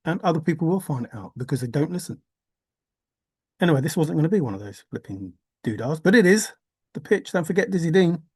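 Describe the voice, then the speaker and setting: A man's voice: a little high, animated, brisk, a little mellow, breathy edge, dry recording, clean studio sound. A man talking through a rambling vlog monologue, musing aloud, swearing casually and laughing to himself. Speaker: vlogger.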